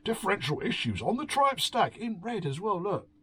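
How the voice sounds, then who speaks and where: A man's voice: high voice, sing-song, moderate pace, bright, forceful tone, slight background noise. A man hosting a beery home review, reading out an article and mocking it with sighs, swearing and sarcasm. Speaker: host. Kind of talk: drunken rambling review. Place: home, drinking beer.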